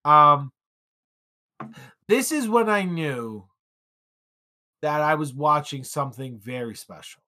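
Bright-toned animated male podcaster. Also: takes it slowly, pauses often. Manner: animated, restarts a lot, pitch jumps for emphasis. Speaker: podcast co-host. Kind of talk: casual film discussion.

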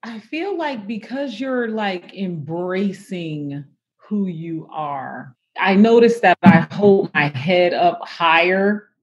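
A woman's voice: fairly low pitch, lively intonation, slow, muffled recording. A woman guest talking about a personal experience, reflective and emotional, with many fillers and restarts. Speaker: interview guest. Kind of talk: personal conversation.

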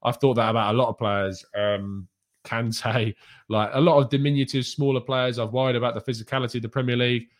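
A man's voice: mid-range voice, steady tone, a little fast. A man hosting a live fan stream from a small home room, reading chat questions aloud and answering in a candid, chatty way with frequent ums and asides.

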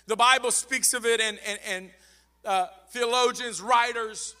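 A man's voice: extremely high pitch, fairly even intonation, a little slow, bright, forceful tone, clean tone. A man preaching a sermon as pastor, fervent and repeating phrases for emphasis. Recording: long reverb of a large hall.

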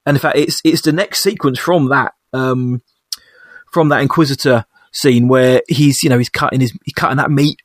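A man's voice: medium pitch, fairly even intonation, normal speed, no echo, clean studio sound. A young man chatting casually as a podcast co-host, thoughtful and hesitant, often restarting his sentences. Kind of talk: casual chat reviewing a TV episode.

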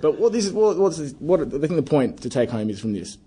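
Husky Australian man spinning a mock-outraged yarn. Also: a little high, big pitch swings, warm tone. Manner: speaks of himself in third person, halting restarts, mock outrage. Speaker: podcast co-host. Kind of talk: casual chat, storytelling.

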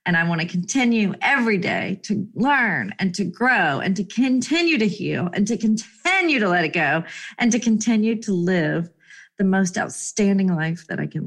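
A woman's voice: medium pitch, fairly bright tone. A woman hosting a solo motivational podcast, talking in an effusive, emotional way with frequent laughter and repeated exclamations. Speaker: podcast host.

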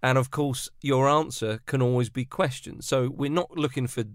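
A man's voice: mid-range voice, fairly even intonation, moderate pace, dry recording, clean studio sound. A man chatting as a podcast guest, rambling and jokey. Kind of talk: casual chat.

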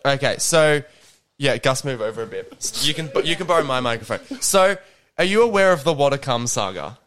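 Man, podcast co-host, lively pitch, joking casual banter. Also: a little fast. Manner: joking, laughs often. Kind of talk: casual chat.

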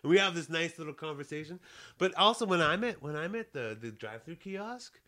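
Teasing, animated young man. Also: on the high side, a little fast. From Canada. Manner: teasing, rambling, laughs often. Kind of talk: casual chat.

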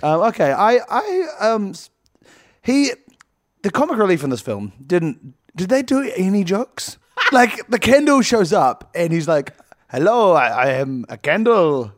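Rambling joking man, fairly high voice. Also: big pitch swings, a little slow, no room sound, clean studio sound. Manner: rambling, joking, laughs often. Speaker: podcast co-host. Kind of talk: casual comedic chat.

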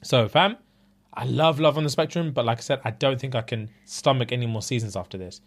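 A man with a London accent co-hosting a podcast, telling a story in a casual, animated way and acting out what people said in different voices, with plenty of swearing. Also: medium pitch, a little fast. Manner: acts out quotes in changing voices, swears freely. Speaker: podcast co-host. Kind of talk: casual chat, animated retelling.

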